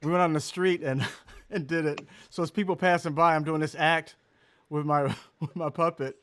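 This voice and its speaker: A man's voice: fairly high pitch, moderate pace, clean tone. A male comedian in casual podcast chat, telling stories with lots of laughter. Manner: animated, laughs through his stories.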